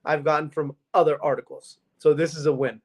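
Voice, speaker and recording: A man with a somewhat high voice speaks eagerly as a co-host. He rattles off lists of features, one after another. The delivery is casual and keen. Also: steady tone. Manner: eager, rapid list-making. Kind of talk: casual tech recommendation.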